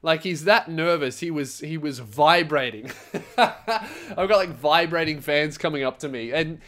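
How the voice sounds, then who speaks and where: Sweary young man, slightly high. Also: measured pace. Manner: swearing, rambling, animated storytelling. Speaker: podcast host, comedian. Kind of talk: casual solo podcast monologue.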